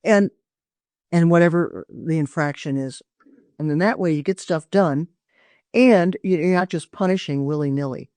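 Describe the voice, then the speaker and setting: Appearing as a guest on a podcast, an older parenting expert offers earnest, forceful advice, frequently beginning sentences again. She speaks low at a moderate pace with a darkish tone and no echo.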